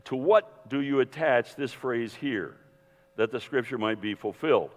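A man teaching a Bible seminar in a lively, digressive sermon style, full of restarts and asides, speaking to an audience in a hall. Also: medium pitch, moderate pace. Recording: long hall reverb.

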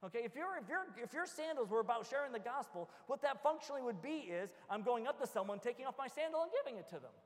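A man preaching a sermon as pastor, animated and joking, acting out little everyday scenes. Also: very high voice, fast talker, few pauses. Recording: long hall reverb.

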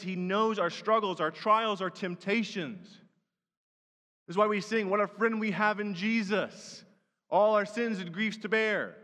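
A man with a notably high voice preaching an earnest sermon. His lines ring out in a long hall reverb, often climbing into emphatic repeated phrases. He sounds like a pastor addressing his congregation from the pulpit. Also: fairly bright tone. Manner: earnest, rising to emphatic repetition.

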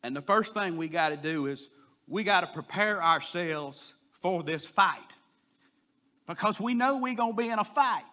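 Folksy preacher man, bright forceful voice. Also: high voice, expressive, moderate pace. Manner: folksy storytelling, swells louder on key points. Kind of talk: sermon.

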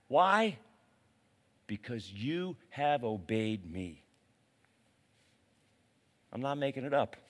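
A man preaching a sermon as a pastor, in a casual, animated way with slang. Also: mid-range voice, husky.

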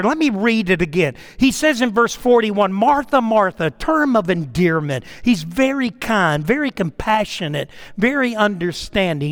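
A middle-aged man preaching a sermon in an animated way, calling on listeners by name and often repeating himself. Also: sits high. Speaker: pastor.

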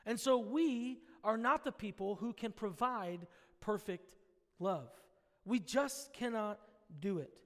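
A male pastor preaching an earnest sermon, swinging between loud and hushed and acting out the voices he quotes. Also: sits high, slow. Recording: long reverb of a large hall.

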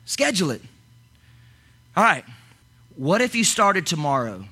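A man preaching a lively sermon as pastor, talking in bursts with many repeated words and restarts. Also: high voice, unhurried, husky.

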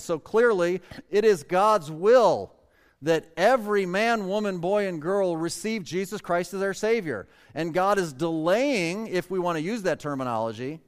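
A man preaching a sermon as pastor, slowing down to stress key phrases. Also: high-pitched, clean tone, in a large hall.

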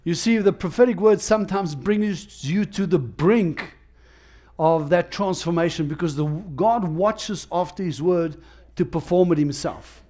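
A man's voice: high-pitched, measured pace, mellow. A man preaching a sermon in an emphatic, repetitive way, often restarting his phrases.

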